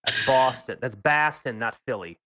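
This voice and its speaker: A man's voice: medium pitch, moderate pace, noisy background. A man hosting a gaming podcast, chatting casually and joking with his co-hosts. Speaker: podcast host. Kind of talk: casual chat.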